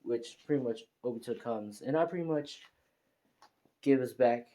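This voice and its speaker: A man's voice: medium pitch, moderate pace, warm tone. Rambling man narrating a fan story. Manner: rambling, heavy filler, hesitant restarts. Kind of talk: casual improvised story narration.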